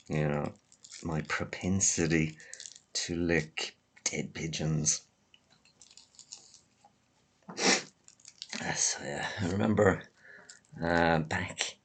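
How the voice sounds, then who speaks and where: A low, gravelly Irish man, stuffed up with a head cold and slightly husky. He rambles at an unhurried pace in a dry, sardonic, self-deprecating way. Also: a bit bright. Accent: Irish, mildly Limerick. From Ireland. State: congested with a head cold, coughing. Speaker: vlogger. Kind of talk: rambling solo monologue.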